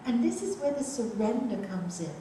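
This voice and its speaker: A woman's voice: fairly high pitch, sing-song, normal speed, mellow. Older woman teaching in an echoey room. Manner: storytelling, asks listeners rhetorical questions. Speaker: yoga and meditation teacher. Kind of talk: spiritual teaching talk with anecdotes. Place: large room, talk to a group. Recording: very echoey room, voice from far off, faint background noise.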